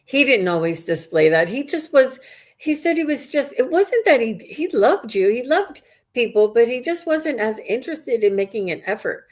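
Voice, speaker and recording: A woman's voice: on the high side, big pitch swings, moderate pace, darkish tone. A woman working as a psychic medium, giving a live reading to viewers in an earnest, rambling way with many restarts.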